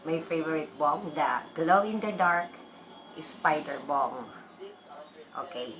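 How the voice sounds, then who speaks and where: A sleepy woman vlogger chatting casually to her viewers in a low voice, taking her time over every word. She rambles and restarts, breaks into laughs, and coughs now and then as she keeps her volume down. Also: lively intonation, a crowd in the background, low-quality recording. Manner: keeping her voice deliberately low. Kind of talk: casual chat to viewers while smoking.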